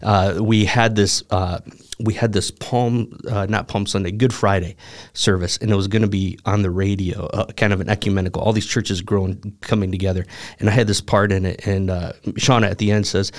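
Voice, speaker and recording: A man's voice: fairly low pitch, fairly even intonation, a little fast. A man who is a pastor, telling stories in a casual talk about faith. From Michigan.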